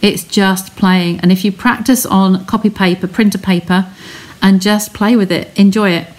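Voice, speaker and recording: A woman's voice: mid-range voice, steady tone, normal speed, a little mellow. A woman chatting as she talks viewers through a craft technique step by step on a live stream from her home studio. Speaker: craft demonstrator.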